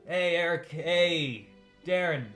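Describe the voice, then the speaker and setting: A man's voice: a little high, slow pace, a bit bright, faint music behind, voice pushed up. A man voicing a friendly town gate guard with a chummy, casual manner.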